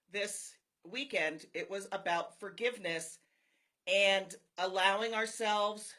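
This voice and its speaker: Bright-voiced woman telling a heartfelt story. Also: fairly low pitch. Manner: earnest, confiding, heartfelt storytelling. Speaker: network marketer streaming live to followers. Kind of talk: live personal talk to viewers.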